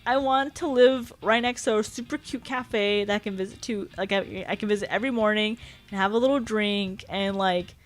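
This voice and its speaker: A woman's voice: medium pitch, moderate pace, faint music behind. A young woman streaming a casual chat, rambling and giggly, often apologizing and filling with "like" and "um".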